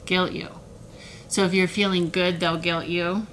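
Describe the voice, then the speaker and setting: A woman speaks straight to camera in a heated, animated way, her voice bright and forceful. She often slips into mocking imitations of other people. A faint hiss sits under her voice. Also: fairly low pitch, a little slow, low-quality recording. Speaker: self-help video creator. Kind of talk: emotional direct-to-camera talk.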